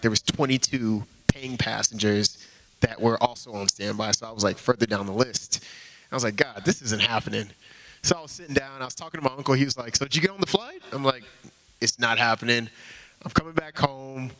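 Earnest young man with a bright voice. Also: medium pitch, a little fast. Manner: earnest, heavy use of "like" as filler. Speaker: church speaker giving a testimony. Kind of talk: informal sermon testimony.

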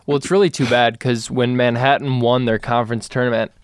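A man's voice: mid-range voice, steady tone, fairly quick, clean tone. A man co-hosting a sports podcast, chatting in an easygoing, wry way about his bracket picks. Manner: easygoing, wry, laughs along. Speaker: podcast co-host. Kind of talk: casual sports chat.

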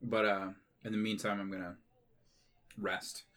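A man's voice: lowish voice, little pitch movement, unhurried, fairly bright tone. A man playing a tabletop game, speaking plainly and matter-of-factly. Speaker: player.

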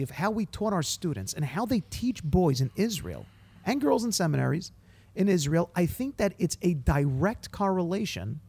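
A man who teaches students, chatting casually on a podcast and telling animated stories full of acted-out quotes. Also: high voice. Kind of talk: casual chat.

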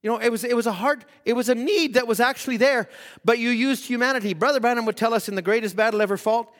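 A man preaching a sermon, swinging from loud exhortation to hushed, acted-out quotes. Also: very high-pitched, fast. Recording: long hall reverb.

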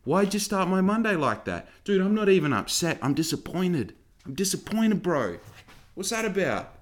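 A man's voice: high-pitched, sing-song, normal speed. A man telling a story as a heated, exasperated rant full of swearing.

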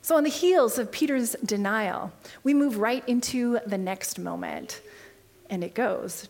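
A woman preaching with a slightly high voice in a relaxed, conversational sermon. She talks with animated directness and often lowers her voice to a hushed near-whisper to press a point home. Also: a little slow, vocal fry.

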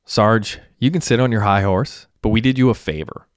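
A man's voice: fairly low pitch, normal speed, smooth, dry recording, studio quality, close to an everyday voice. A man voicing a brash young male roommate who talks back defiantly.

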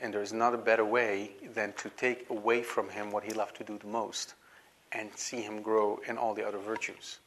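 A man's voice: on the low side, little pitch movement, normal speed, fairly bright tone. A man giving a Bible study lecture to a class, emphatic and full of rhetorical questions.

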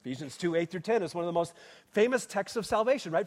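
A man's voice: high voice, very animated, fast talker. A man preaching a sermon, asking the congregation rhetorical questions as he goes. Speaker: pastor. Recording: long hall reverb.

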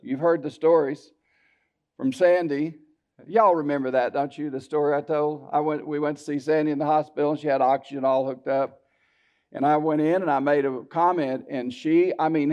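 A man's voice: fairly high pitch, normal speed. A male pastor preaching a sermon, telling personal stories in a folksy way and turning often to the congregation. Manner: folksy storytelling with asides to the congregation. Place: church sanctuary. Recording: dull lo-fi church sermon recording.

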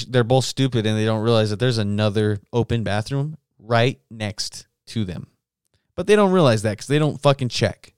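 Male podcast host, swears freely, animated storyteller; smooth, clean voice, dry close sound. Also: mid-range voice, dry recording. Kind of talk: solo casual rant.

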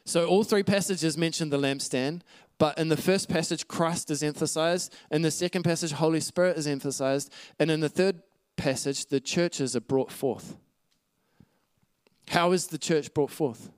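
A man preaches a sermon in an earnest teaching manner, walking through scripture passages and checking in with his listeners. His voice sits slightly high and comes across smooth and clear. The recording is dry, with little room sound. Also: dry recording. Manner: earnest teaching with scripture references, occasional light laughs.

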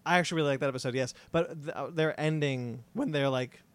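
A man's voice: a little high, fast, clean tone, no room sound. A man chatting casually and rambling about a TV show with friends, often restarting his sentences.

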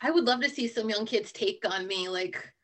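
A woman co-hosting a casual podcast, giggling and reacting quickly. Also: mid-range voice, crowd noise. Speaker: podcast co-host. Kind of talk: casual chat.

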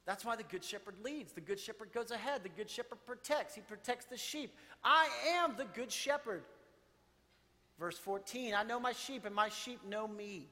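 A man preaching a sermon, reading scripture and explaining it in an animated, conversational way. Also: sits high, moderate pace, long reverb tail. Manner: animated preaching, quoting scripture and paraphrasing with rising intensity. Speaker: pastor.

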